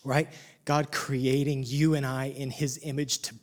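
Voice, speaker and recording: A man preaching a sermon as pastor, impassioned, rising to loud emphasis and dropping to hushed near-whispers. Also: medium pitch, level tone, a little slow.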